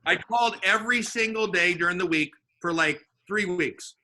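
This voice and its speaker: High, bright-voiced man telling a story. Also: normal speed. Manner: acts out the dialogue in his stories with voices. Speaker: sales regional manager and podcast guest. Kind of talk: animated storytelling in casual chat.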